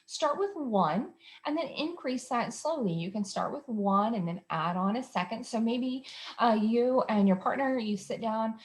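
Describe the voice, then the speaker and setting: Speaking at an easy pace with a fairly high, expressive voice, this woman is a behavior specialist hosting a talk for parents. Her explanations of behavior strategies are conversational and sprinkled with plenty of ums and uhs.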